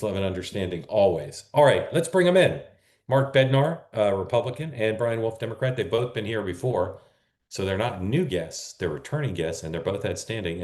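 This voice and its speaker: Male talk host, very low voice, rambling and self-correcting, roomy echo. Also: darkish tone. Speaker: political talk show host. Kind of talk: casual live-stream talk.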